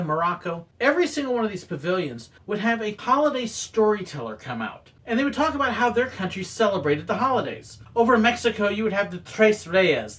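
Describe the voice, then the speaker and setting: A man casually telling stories about his old theme park job, acting out quoted moments with sudden loud bursts. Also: high-pitched, far from the mic. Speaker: former theme park photographer sharing stories. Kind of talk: casual storytelling monologue.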